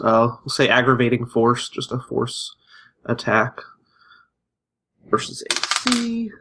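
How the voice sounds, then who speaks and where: A man playing a tabletop game, deliberately explaining what his character does. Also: mid-range voice, sharp tone. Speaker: player.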